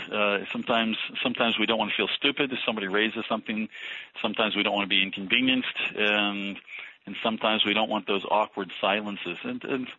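Bright-toned man, halting and thoughtful. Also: on the low side, dry recording. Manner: thoughtful, halting, frequent restarts. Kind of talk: conversational interview about ministry. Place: Philadelphia. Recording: dull lo-fi radio audio.

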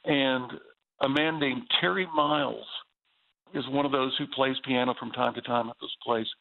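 A man with a Southern US accent, calling in over a thin, tinny phone line. He talks at a mid pitch, earnest and enthusiastic, as a guest on a faith radio show. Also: normal speed, creaky.

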